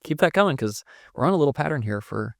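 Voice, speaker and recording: Gravelly-voiced playful male pastor. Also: fairly high pitch, lively intonation, fast, no echo, clean studio sound. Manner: playful, joking. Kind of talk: casual conversation.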